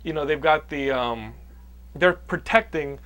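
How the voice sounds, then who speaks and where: A man's voice: a little high, a little slow, crowd noise. A man hosting a podcast, recapping a movie plot in casual chat with many restarts. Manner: rambling, restarts a lot. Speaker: podcast host.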